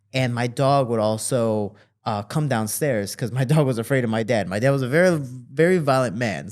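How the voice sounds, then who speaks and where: Animated male storyteller. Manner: animated, jumps higher to quote people; fillers and restarts, relaxed flow. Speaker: interview guest, fighter. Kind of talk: casual storytelling.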